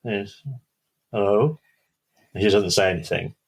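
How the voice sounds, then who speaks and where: A man with a low, deep voice that has a husky edge. He tells a spooky tale in a casual way. He drops to a hush and pauses to build suspense. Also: steady tone, rough recording. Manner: dramatic pauses, hushed build-ups. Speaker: podcast co-host. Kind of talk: casual storytelling.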